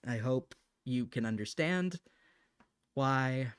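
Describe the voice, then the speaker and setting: A man's voice: medium pitch, expressive, slow pace, smooth, dry recording. A tired man streaming live while drawing, talking to viewers in a blunt, slightly snippy way and then apologizing. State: tired, late at night.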